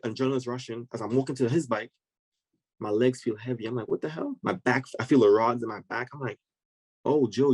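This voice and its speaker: A man recounts a story with real energy, jumping into the voices of the people in it. His voice sits at an ordinary middle pitch. The recording is close and dry, with no room sound around him. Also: breathy edge, dry recording, low-quality recording. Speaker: podcast guest. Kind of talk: animated storytelling in conversation.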